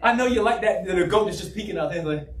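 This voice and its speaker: A man preaching a sermon as pastor, emphatic and often shouting, in a church. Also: sits high, fast. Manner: mocks a flat monotone preacher for effect. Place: church sanctuary. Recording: echoey room from a distance.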